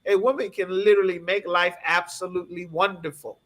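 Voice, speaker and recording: A man preaching through a scripture lesson, emphatic and constantly checking that his listeners follow. His voice sits high for a man, bright and forceful. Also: steady tone, fairly quick. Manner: emphatic, keeps asking "you understand?". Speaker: scripture class teacher.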